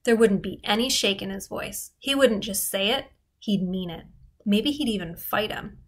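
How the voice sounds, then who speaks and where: Woman reader, mid pitch, expressive steady narration of a novel. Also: normal speed. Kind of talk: reading a novel aloud.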